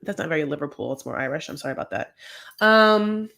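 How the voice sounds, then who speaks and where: A woman's voice: low voice, very animated, quick pace, creaky, fairly bright tone. An American woman hosting a casual recap, talking in a chatty, gossipy, sassy way. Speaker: host. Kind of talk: casual reality-show recap.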